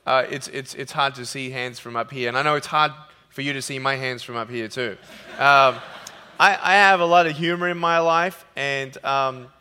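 A man speaking from a stage in a large hall, telling funny stories in an animated sermon. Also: mid-range voice, clear, resonant tone. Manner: animated, jokey, acts out quotes. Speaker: motivational speaker. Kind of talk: humorous sermon storytelling. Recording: long hall reverb.

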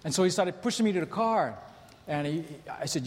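A man's voice: high-pitched, animated, fast talker, a little hiss or hum. A man in his thirties preaching a sermon, telling stories in a conversational way and asking the congregation rhetorical questions. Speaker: pastor. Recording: long hall reverb, faint ambience.

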